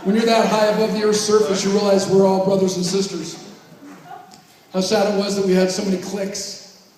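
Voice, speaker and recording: Man, 50s, emotional reunion speech, high voice, mellow, big echoey hall from far off. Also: level tone. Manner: emotional, reflective, slow pauses. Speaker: alumnus giving a reunion speech. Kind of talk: heartfelt speech with jokes. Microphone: handheld microphone heard from far off.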